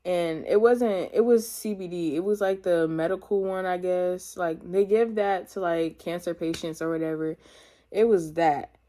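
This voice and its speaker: A woman's voice: fairly low pitch, steady tone, normal speed, mellow. A young woman in her teens telling a personal storytime testimony in casual slang, rambling with many fillers and talking to her viewers. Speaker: vlogger.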